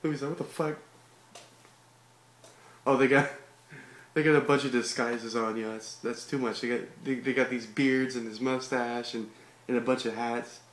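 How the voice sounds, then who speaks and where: A man's voice: mid-range voice, steady tone, normal speed, fairly bright tone. A man casually reading a comic aloud and commenting on it in a laid-back, slangy way. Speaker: comic read-along host. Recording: echoey room with background hiss.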